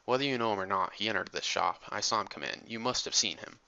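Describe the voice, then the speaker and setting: A man's voice: fairly low pitch, fast talker, gravelly, sharp tone, heavily acted. A man voicing a determined young newspaper reporter who talks in a firm, insistent way, in an audiobook reading on a dull lo-fi recording.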